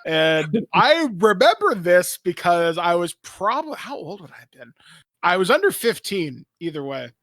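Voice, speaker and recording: Man from Canada, high voice, animated swearing storyteller in casual chat. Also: moderate pace, dry recording, studio quality.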